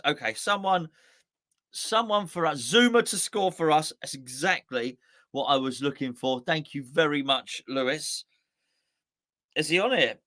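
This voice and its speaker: A man's voice: a little high, sharp tone. A man hosting a casual live-stream chat, rambling and often correcting himself. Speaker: host.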